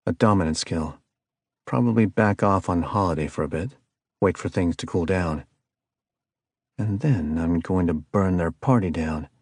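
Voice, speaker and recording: A man voicing a hardened male hitman who talks in a gruff, threatening way, in an audiobook. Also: low-pitched, moderate pace, a little mellow, no echo, studio quality. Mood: grim. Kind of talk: audiobook character voice.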